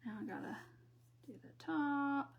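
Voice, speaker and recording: A woman's voice: sits high, expressive, a little slow, gravelly, dull audio. Chatty Southern woman from Mississippi. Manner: chatty, reads viewer comments aloud, giggly asides. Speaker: craft live-stream host. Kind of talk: casual crafting live stream.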